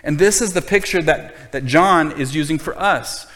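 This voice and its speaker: Pastor guy preaching, earnest and emphatic, voice a bit high, big hall echo. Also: moderate pace, fairly bright tone. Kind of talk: sermon.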